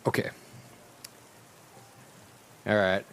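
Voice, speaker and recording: A man's voice: very slow, fairly bright tone. A male streamer in casual live-stream chat who swears freely and keeps up a crude, sardonic running commentary. His talk is loose and unscripted, aimed straight at his viewers.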